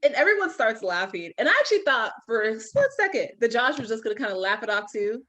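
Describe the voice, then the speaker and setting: Woman, podcast co-host, chatty and laughing, lively pitch, faint background noise. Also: quick pace. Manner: laughing often, storytelling with many fillers. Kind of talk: casual recap chat.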